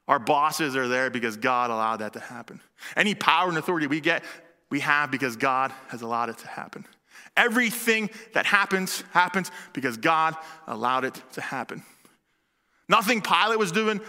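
A man preaches a sermon in an animated, conversational manner. His voice sits high with a sharply bright edge, and a long hall reverb trails his words.

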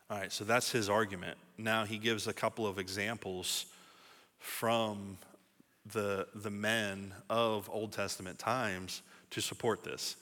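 A man's voice: lowish voice, level tone, unhurried, sharp tone. A male pastor teaching a sermon in a conversational way, building to emphatic rhetorical questions. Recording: long hall reverb.

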